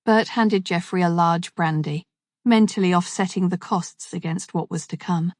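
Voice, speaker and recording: Woman narrating a dark thriller. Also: fairly low pitch, no echo, studio quality. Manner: steady, measured storytelling. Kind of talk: scripted narration.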